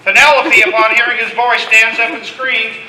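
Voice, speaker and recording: A man tells a comic story to a live audience in a big, echoey room, stopping to coach the crowd and the volunteers. His voice sits very high and sounds bright and sharp. He takes the story at an unhurried pace. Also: steady tone, a little hiss or hum. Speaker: storyteller leading an audience skit. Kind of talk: narrating a participation skit to a live audience.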